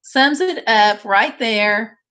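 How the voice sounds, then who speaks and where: A woman's voice: a little high, slow pace, bright, forceful tone. A woman hosting a live stream, chatting casually and directly with her viewers.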